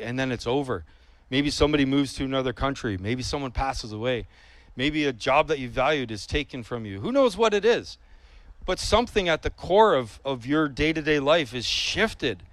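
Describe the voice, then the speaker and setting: A man's voice: mid-range voice, no echo. A man preaching a sermon in an earnest, emphatic way, repeating his points and asking rhetorical questions of the congregation.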